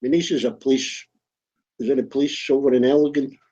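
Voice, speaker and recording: Husky man with dry teasing humor. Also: medium pitch, fairly even intonation, a little fast, dark tone, dull audio. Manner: dry, teasing, swears casually. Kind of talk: casual phone chat.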